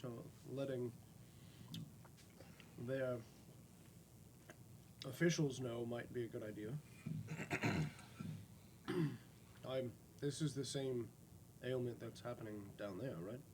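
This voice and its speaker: A man playing a tabletop game, thinking aloud in a deliberate in-character party discussion on a quiet home mic. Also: medium pitch, slight background noise.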